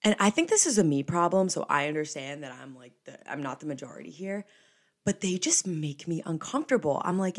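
A young woman hosts a casual solo podcast in a slightly low voice. She talks in a chatty, emphatic way and slides easily into playful rants. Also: very animated, a little fast. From New Jersey. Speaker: podcast host.

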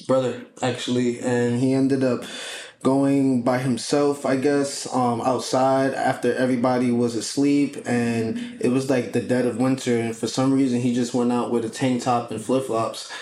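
A man co-hosting a podcast, talking in a loose, profane, storytelling way. His voice sits at a middle pitch. It rings with room echo over faint background noise. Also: little pitch movement, normal speed, darkish tone. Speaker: podcast co-host. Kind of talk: casual podcast chat.

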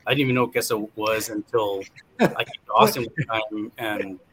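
A man's voice: fairly low pitch, moderate pace, fairly bright tone, slight background noise, low-quality recording. Casual, hesitant man from South Texas. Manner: casual, hesitant, many fillers. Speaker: chef guest. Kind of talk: conversational interview.

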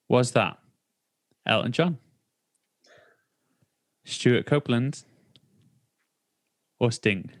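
A man's voice: mid-range voice, very slow, long pauses, a bit bright, no room sound. A man hosting a casual podcast chat, playfully teasing the others as he reads out quiz questions. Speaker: podcast host.

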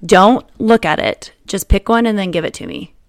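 A woman's voice: medium pitch, no echo, clean studio sound. A woman in her thirties hosting a podcast, chatting casually and teasing her guest. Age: 30s. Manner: teasing, playful, quick to laugh. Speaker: podcast host. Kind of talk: casual chat.

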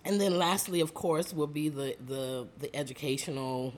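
A woman hosting a podcast as a life coach, upbeat and chatty, her voice a little rough and hoarse from allergies. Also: sits low, normal speed, a little mellow. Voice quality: slightly rough voice. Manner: upbeat, chatty, calls listeners "y'all" and "guys". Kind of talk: casual podcast chat. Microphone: studio mic.

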